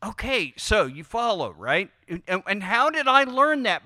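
Male pastor, high and ringing, conversational sermon, drawn-out emphasis, dry close sound. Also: sing-song, pushed and bright, no room sound. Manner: conversational, prods the congregation with questions.

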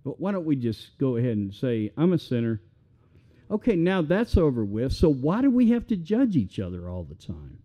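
A man preaching a sermon as pastor, conversational and animated, with self-deprecating humor. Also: medium pitch, muffled recording.

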